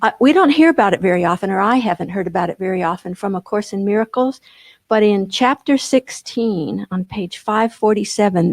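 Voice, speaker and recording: A woman's voice: medium pitch, darkish tone, no room sound. A woman in a spiritual group who speaks hesitantly with many fillers, then reads a prayer aloud. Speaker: group member reading aloud. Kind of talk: casual remarks and reading a prayer aloud.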